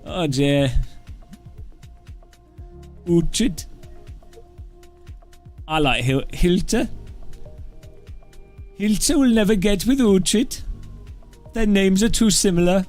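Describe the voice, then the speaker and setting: A man's voice: high-pitched, lively intonation, very slow, pauses often, darkish tone, soft background music. A man hosting a gaming channel, chatting casually in a rambling, joking way. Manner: rambling and joking, with loose restarts. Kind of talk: casual chat.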